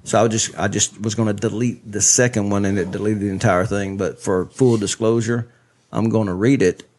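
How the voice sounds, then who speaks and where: A man's voice: on the low side, steady tone, moderate pace, a little mellow, slight background noise. A man, hosting a casual podcast chat, rambling and laughing often. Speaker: podcast host.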